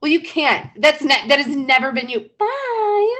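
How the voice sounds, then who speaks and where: A woman co-hosting a podcast in casual chat, animated, swearing freely and laughing often. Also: high-pitched, a little fast. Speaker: podcast co-host.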